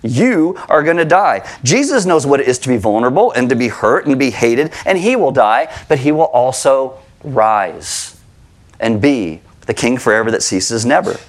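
A middle-aged man preaching a sermon to his congregation, conversational and animated, asking rhetorical questions. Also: mid-range voice, moderate pace. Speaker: pastor. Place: church sanctuary with congregation.

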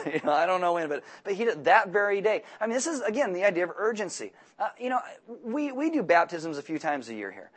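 A man preaching a sermon as pastor, reading scripture and acting out the voices of its figures with lively, joking asides. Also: high-pitched, fairly quick, hardly any pauses. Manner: animated, acts out voices of biblical figures.

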